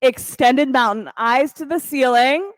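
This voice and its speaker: A woman teaching a yoga class, calmly counting breaths and cueing poses with encouragement. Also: high-pitched, unhurried, dry recording, low-quality recording. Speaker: yoga instructor. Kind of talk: guided yoga class cues.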